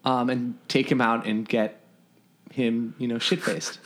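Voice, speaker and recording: A man in his forties chats through old camp stories at an average pitch. He gets animated and laughs his way through the funny parts, with plenty of ums and restarts. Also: a little slow. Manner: animated storyteller, laughs through anecdotes, many fillers. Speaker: podcast guest, former camper and counselor. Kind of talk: casual storytelling chat.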